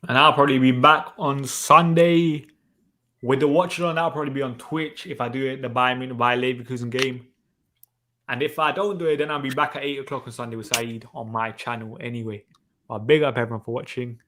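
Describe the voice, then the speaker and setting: A young man hosting a casual stream, wrapping up with brisk plugs to like and subscribe. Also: medium pitch, fairly even intonation, background noise. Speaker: host. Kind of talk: casual live-stream chat.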